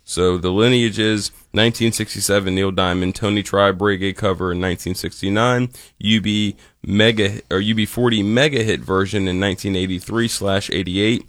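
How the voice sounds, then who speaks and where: A man on a radio show, telling the story behind a song in a measured, informative way. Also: fairly low pitch, fairly even intonation, a bit bright, no echo, studio quality. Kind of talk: explaining music history on air.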